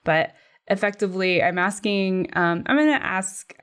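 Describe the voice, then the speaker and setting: A woman hosting a podcast over a video call, explaining ideas haltingly and laughing often. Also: medium pitch, a bit bright, clear, resonant tone. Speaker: podcast host. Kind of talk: casual chat on a video call.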